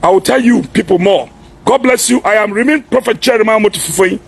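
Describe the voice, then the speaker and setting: A pastor delivers an impassioned warning at a very high pitch. His voice is rough and gravelly, heavily husky, and he keeps breaking into forceful shouts, hammering his listener with the same demand again and again. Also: brisk. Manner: forceful, repeatedly shouting and demanding "are you hearing me".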